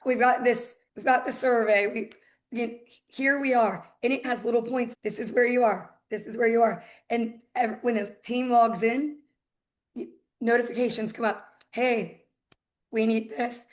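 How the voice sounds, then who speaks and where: A talkative woman with a Southern US accent, her voice sitting a little higher than most. She speaks as a guest on a casual podcast and tells her stories by acting out the quoted back-and-forth of her phone calls. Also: fairly even intonation, moderate pace. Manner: chatty storyteller, acts out quoted exchanges. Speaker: title company executive, podcast guest.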